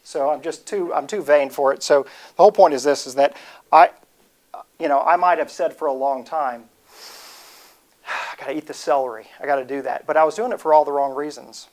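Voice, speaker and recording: A man in his forties gives a motivational talk to a crowd, his voice sitting a bit high for a man. He rambles in a joking way and often breaks off mid-sentence to start over. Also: moderate pace, pauses often, darkish tone. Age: 40s. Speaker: speaker giving a talk.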